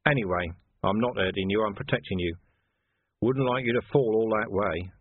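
Brief: man voicing gruff police chief, low growl, husky, tinny sound. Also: normal speed, no room sound. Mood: dry. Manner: growling, stern. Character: gruff, weary male city watch commander. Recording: tinny lo-fi phone-band audio.

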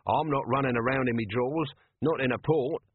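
A scruffy little corporal voiced by a man talks in a coarse, cheeky manner, stubborn to the last. The voice is husky and heard dry through a narrow, phone-like band. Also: mid-range voice, brisk, no echo, lightly acted. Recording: dry, tinny phone-like sound.

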